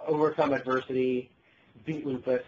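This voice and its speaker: A man's voice: mid-range voice, flat delivery, normal speed, a little mellow, muffled recording. A young man co-hosting a podcast from his bedroom, making sarcastic jokes in casual chat. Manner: sarcastic, jokey. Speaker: podcast co-host.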